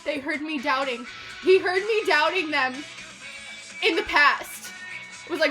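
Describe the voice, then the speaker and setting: A woman reviewing an album in a reaction video, excitable and swearing, swinging between hushed whispers and shouts. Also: high voice, a little slow, pauses often. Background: album music playing.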